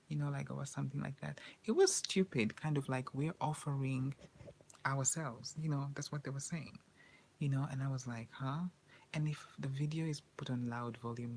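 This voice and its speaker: A woman speaks to camera mostly in a hushed whisper. She rambles anxiously and repeats herself. Her voice has a gravelly fry and stays flat in pitch, with a faint hiss of noise behind it. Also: rough recording. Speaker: vlogger. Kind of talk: whispered personal monologue.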